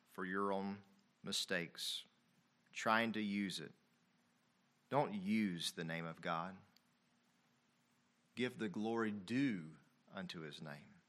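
A man preaching a sermon, swinging between loud emphatic passages and quiet, confessional ones, reading scripture aloud. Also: lowish voice. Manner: reads King James scripture aloud.

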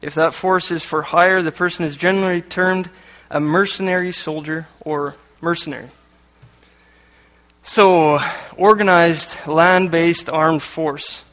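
A man from Canada delivers a sermon with a fairly high voice, reading passages aloud and dropping dry jokes in between. His voice rings out with a long reverb through a church hall. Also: fairly even intonation, a little slow, long pauses, a bit bright. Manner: joking asides between read passages. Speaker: lay preacher.

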